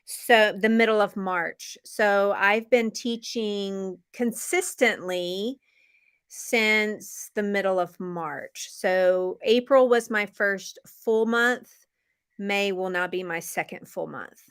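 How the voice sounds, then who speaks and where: American woman, neutral accent, english teacher, unhurried clear delivery, friendly, laughs often, video call. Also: medium pitch, a bit bright. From Memphis, Tennessee, US. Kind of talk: casual live-stream lesson chat.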